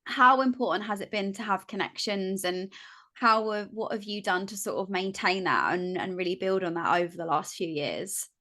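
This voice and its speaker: A woman's voice: medium pitch, moderate pace, bright, forceful tone. A young woman hosting a casual interview, asking questions in a friendly, hesitant way. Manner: friendly, hesitant with fillers and restarts. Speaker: podcast host.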